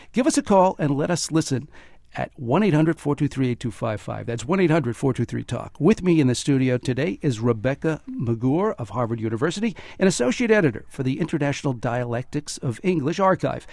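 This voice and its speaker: Measured man hosting a radio talk show. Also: fairly high pitch, darkish tone, dry recording. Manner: measured, introduces guests and callers. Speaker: radio host. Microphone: studio mic.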